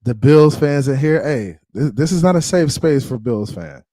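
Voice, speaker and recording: An animated man hosts a live sports stream, his pitch leaping all over as he hypes the chat and razzes rival fans. The sound is dry and close, with no room around it. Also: normal speed, dry recording. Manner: animated, trash-talking, shouting out viewers. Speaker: livestream sports show host. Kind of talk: casual live-stream banter.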